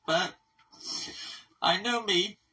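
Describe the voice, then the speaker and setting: A woman's voice: medium pitch, drawn-out words, sharp tone, far from the mic, poor audio. A middle-aged woman who runs an animal rescue, talking in a casual video update, emotional and rambling, poking fun at herself. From Kentucky. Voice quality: gravelly, husky. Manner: emotional, tearful, rambling and self-deprecating.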